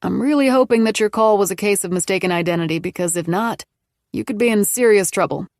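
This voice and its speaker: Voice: medium pitch, fast, dry recording, clean studio sound, lightly acted. A woman voicing a young police officer who speaks in a placating, authoritative way in an audiobook. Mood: firm.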